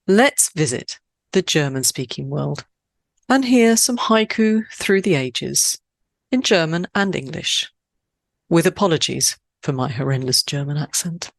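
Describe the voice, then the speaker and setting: A woman from Switzerland hosting a poetry podcast, speaking in a measured, deliberate way with lifts on key words. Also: sits low, gravelly, no room sound, clean studio sound. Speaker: podcast host. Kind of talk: scripted podcast narration.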